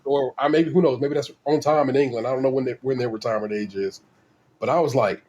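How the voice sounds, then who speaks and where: A man's voice: medium pitch, fast talker, darkish tone. A man hosting a podcast in casual chat, laid-back and slangy, swearing freely and laughing often. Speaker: podcast host.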